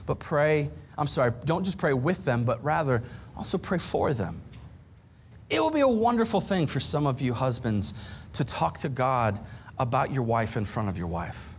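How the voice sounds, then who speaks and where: A man preaching a sermon on marriage, animated, acting out quoted arguments between spouses. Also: medium pitch, normal speed, a little hiss or hum. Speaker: pastor.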